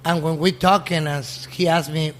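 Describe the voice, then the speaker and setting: A restaurant owner telling a story in casual, halting English, often restarting his sentences. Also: a little high, fairly even intonation, a bit bright, slight background noise.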